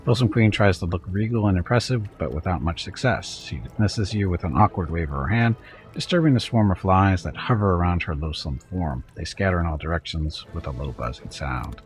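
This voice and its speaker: Deep-voiced man reading game text. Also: fairly quick, soft background music. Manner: steady read-aloud with offhand asides. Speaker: streamer playing a game. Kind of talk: reading game narration aloud.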